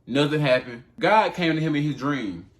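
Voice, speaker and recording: A man's voice: a little high, expressive, moderate pace. A man retelling a Bible story in casual, slangy speech, talking straight to his audience. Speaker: channel host retelling Bible stories.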